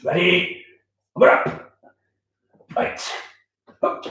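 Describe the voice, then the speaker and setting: A man's voice: extremely slow, a bit bright, echoey room. A man, a youth worker chatting casually and cheerfully on a livestream, laughing often. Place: room at home.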